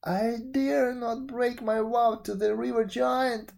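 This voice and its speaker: A man's voice: very high-pitched, steady tone, slow, vocal fry, darkish tone, pitched above the performer's own voice, exaggerated voice. A man voicing a poor fisherman in a storybook reading, speaking in a fretful, pleading way. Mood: distraught. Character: poor fisherman, anxious, later sobbing in despair.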